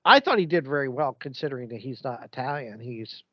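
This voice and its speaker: A man co-hosting a podcast, rambling through stories with animated energy. His voice sits in the middle range. The recording is dull and lo-fi in a dry room. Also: mid-range voice, brisk, no echo. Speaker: podcast co-host. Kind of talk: casual chat.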